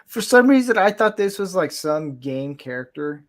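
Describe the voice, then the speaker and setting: A man's voice: high-pitched, very animated, moderate pace. Rambling, chuckling man chatting casually. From Florida, USA. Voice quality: rambling, chuckling, self-deprecating. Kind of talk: casual chat.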